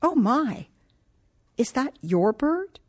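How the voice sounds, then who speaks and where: A woman voicing a shy, curious woman character in an audiobook, speaking softly. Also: high-pitched, sing-song, slow pace, husky, pitched above the performer's own voice, exaggerated voice.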